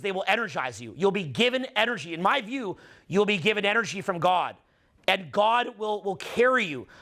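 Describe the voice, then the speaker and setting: A middle-aged man giving an intense, preachy motivational monologue, swearing and slowing down to stress his points. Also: sits high, creaky, sharp tone. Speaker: dating and social skills coach.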